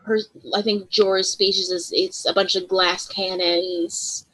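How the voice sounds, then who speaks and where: A woman running a tabletop role-playing game, chatty with many ums and quick asides. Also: medium pitch, little pitch movement, fairly bright tone, husky, no echo, rough recording. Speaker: game master.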